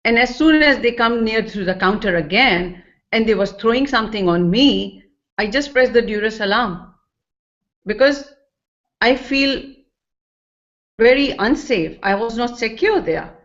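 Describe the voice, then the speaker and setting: A woman's voice: a little high, lively intonation, unhurried, fairly bright tone. Earnest woman in a dull recording. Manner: earnest and emotional, with non-native English phrasing. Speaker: speaker sharing a personal experience. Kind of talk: personal testimony talk.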